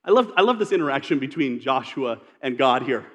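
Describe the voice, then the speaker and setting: A man's voice: medium pitch, expressive, a little fast, fairly bright tone, in a large hall. A man preaching a sermon in an earnest, emphatic way, reading scripture aloud and explaining it. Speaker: pastor.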